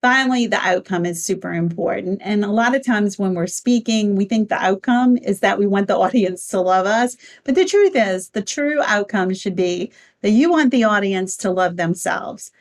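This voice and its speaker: Brief: woman speaking coach, clear and emphatic, mid pitch, instructional delivery. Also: expressive, normal speed, few pauses. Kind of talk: instructional talk on speechwriting.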